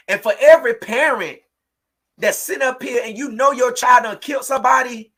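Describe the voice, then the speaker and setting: A woman hosting a livestream, talking in a fiery preaching way, repeating phrases and shouting in outrage. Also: fairly high pitch, measured pace, long pauses. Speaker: livestream host. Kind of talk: impassioned livestream talk.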